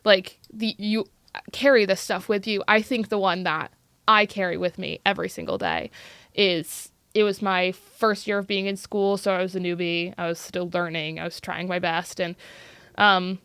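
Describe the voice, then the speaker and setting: Earnest woman with a gravelly fry. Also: lowish voice, normal speed, no room sound. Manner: earnest, animated storyteller with frequent "like". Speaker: youth violence prevention educator. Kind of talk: podcast interview storytelling.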